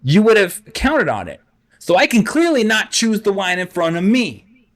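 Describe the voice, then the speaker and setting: A man putting on a high, louder voice as a pompous bald schemer who boasts of his brains and reasons in circles aloud. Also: big pitch swings, moderate pace. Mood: scheming. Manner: smug, lofty, talks himself in circles.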